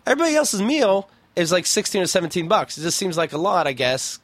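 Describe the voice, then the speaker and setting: A man's voice: fairly high pitch, big pitch swings, brisk, a bit bright, dry recording. Profane, rambling man on a podcast. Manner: profane, rambling, jokey storytelling. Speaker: podcast co-host. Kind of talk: casual crude banter.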